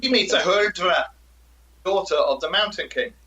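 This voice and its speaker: A man's voice: high voice, lively intonation, moderate pace, pushed and bright, dull audio. A man co-hosting a folklore podcast, chatting casually and retelling legends with frequent laughter. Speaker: podcast co-host. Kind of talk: casual chat about folklore.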